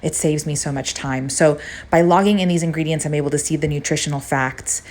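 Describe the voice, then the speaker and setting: A woman's voice: low-pitched, fairly even intonation, fairly quick, a little mellow. A woman fitness coach chatting casually through a recipe and a meal-logging demo, upbeat and gushing. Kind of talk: casual recipe vlog chat.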